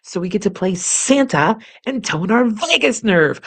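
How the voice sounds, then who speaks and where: Seated in a chair in her home studio, a woman who teaches singing hosts an on-camera somatic exercise lesson, playfully laughing and using vocal sounds to demonstrate. Her medium-pitched, fairly bright voice has lively intonation and vocal fry. She speaks unhurriedly, with hardly any pauses.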